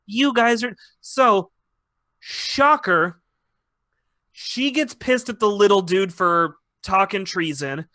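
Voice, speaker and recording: A high, bright male voice telling a story in loose, sweary podcast chat, tossing in quick mock voices as he goes. The sound is close and dry, with no room behind it. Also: dry recording. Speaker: podcast host. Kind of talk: casual profane recap of a TV finale.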